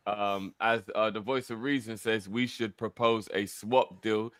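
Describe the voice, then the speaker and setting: An easygoing man with a bright, forward voice, hosting a live stream and reading out viewer messages. The sound is dry and close to the mic. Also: lowish voice, steady tone, measured pace, smooth, dry recording. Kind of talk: casual live-stream chat.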